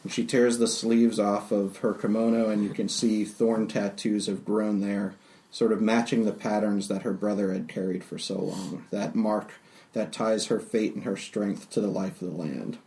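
A man narrating a tabletop role-playing game as game master, halting often with fillers. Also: on the low side, fairly even intonation, warm tone. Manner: unhurried, halting with many fillers.

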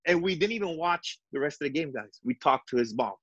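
Animated middle-aged storyteller, dry sound. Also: male voice, fairly high pitch, a little fast, no room sound, dull audio. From Montreal, Canada. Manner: animated, acts out dialogue in his stories. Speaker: retired basketball coach, guest. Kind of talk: storytelling in a podcast interview.

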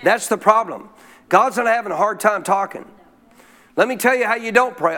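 A man with a notably high voice preaches to a congregation at a church service. He leaves blanks in his sentences for the crowd to fill in and repeats key lines for emphasis. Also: moderate pace, sharp tone. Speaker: pastor. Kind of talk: sermon.

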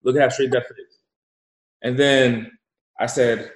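A man's voice: medium pitch, measured pace, pauses often. Emphatic storytelling man, echoey room. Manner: animated, repetitive, emphatic. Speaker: guest, entrepreneur. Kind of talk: storytelling, motivational interview talk.

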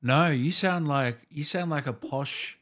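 A man's voice: fairly high pitch, a little slow, a bit bright. A male host asking curious, encouraging questions in a casual interview. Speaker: podcast host.

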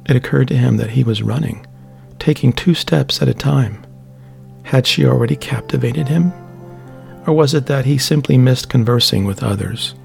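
A man reading a novel aloud as narrator, in measured, steady storytelling. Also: medium pitch, gravelly. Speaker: audiobook narrator. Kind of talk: scripted narration. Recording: faint background music.

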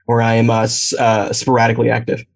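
A man's voice: medium pitch, monotone, fast, creaky. A man guesting on a podcast, joking around and telling a funny story in casual chat.

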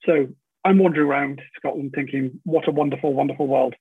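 A man's voice: medium pitch, fairly even intonation, fast, slightly rough. A middle-aged man, a podcast guest, telling a long anecdote in casual chat, with frequent stammered restarts and the odd swear word. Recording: tinny phone-like line.

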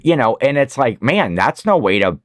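A man co-hosting a podcast, talking casually in a rambling, animated way with many restarts. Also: mid-range voice, moderate pace, no echo, clean studio sound. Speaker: podcast co-host. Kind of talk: casual chat.

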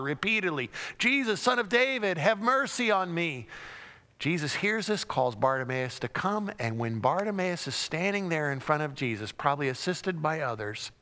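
A man's voice: medium pitch, fairly bright tone. A man preaching a sermon, telling the story dramatically and acting out the cries and crowd lines. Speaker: pastor. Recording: long hall reverb.

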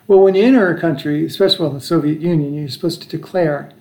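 An American father in his sixties casually rambles through a long travel story, quick-paced, with restarts and chuckles. His mellow voice is on the high side, and the room sounds echoey.

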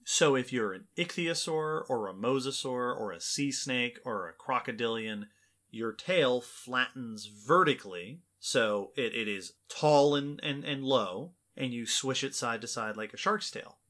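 A man's voice: medium pitch, lively intonation, a little slow, bright, forceful tone. A man co-hosting an educational podcast, explaining in a playful, casual way. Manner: playful, explains with lists and asides. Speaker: podcast co-host.

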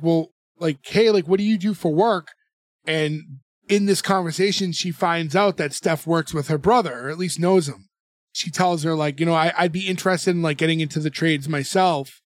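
Guy on a podcast rambling through a show recap, kinda high voice, dry close mic. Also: no room sound. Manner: rambling storyteller, many fillers and restarts. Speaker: podcast co-host. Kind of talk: casual chat, recapping a show.

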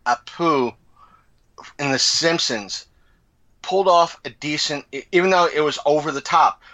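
A man co-hosting a podcast in casual chat, animated and often acting out quoted lines. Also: a little high, a little slow. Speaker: podcast co-host.

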